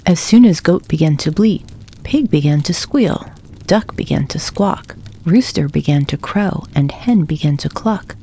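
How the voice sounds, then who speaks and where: A woman reading a children's storybook aloud for bedtime, soft and gentle. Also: sits low, expressive, unhurried, a little hiss or hum. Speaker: narrator.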